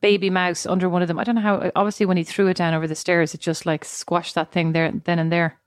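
A young woman co-hosting a casual chat, telling rambling, animated stories. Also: on the low side, fast, no echo, clean studio sound. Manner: chatty storytelling, animated and rambling.

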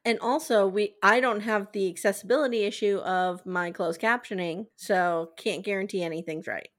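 A woman hosts a casual podcast and recaps a TV show in a chatty, animated way. She sounds gossipy and lively, with a voice of average pitch. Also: moderate pace. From eastern United States. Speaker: podcast host.

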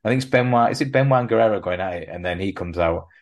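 A man co-hosting a wrestling podcast in casual chat, rambling and jokey with quick asides. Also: lowish voice. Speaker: podcast co-host.

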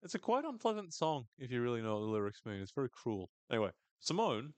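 A man casually recapping a TV episode on a podcast, animated, sweary and wry. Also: medium pitch, fast talker, dry recording.

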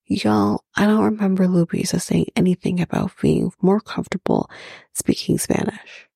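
A woman's voice: on the low side, moderate pace, vocal fry, warm tone, slightly rough, dry recording, clean studio sound. A woman hosting a podcast, recapping a reality show in a blunt, chatty way with plenty of swearing. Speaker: podcast host.

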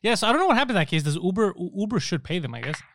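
A man co-hosting a casual comedic podcast, telling animated stories and swearing freely. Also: high-pitched, racing, slight background noise. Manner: animated storyteller, acts out voices in anecdotes, swears freely. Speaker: podcast co-host.

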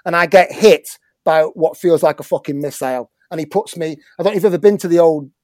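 A man's voice: fairly high pitch, fast talker, darkish tone, dry recording, studio quality. A middle-aged English man telling a football story in casual chat, swearing often and stumbling over his words. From England. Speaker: guest, former footballer and musician.

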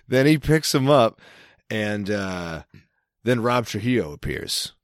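A man on a podcast rambles in a wry, casual way, stopping and restarting his sentences. His voice sits a little low. It sounds dry and close to the mic. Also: lively intonation, slow, no echo. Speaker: podcast co-host. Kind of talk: casual chat.

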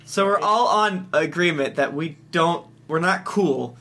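A man with a fairly high, bright and forceful voice chats and jokes during a tabletop game. He talks in a loose, easy way. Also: unhurried. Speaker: player. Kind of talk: casual tabletop game chat.

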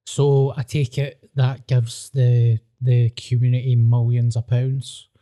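Laid back guy, warm low-key voice, chatting and swearing on a podcast. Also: level tone, slow. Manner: easygoing and sweary. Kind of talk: casual chat.

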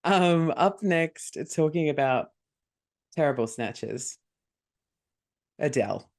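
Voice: mid-range voice, expressive, slow. A podcast co-host with a mid-range voice, chatting casually. The delivery is laid-back and dry, with short, agreeable replies. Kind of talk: casual chat.

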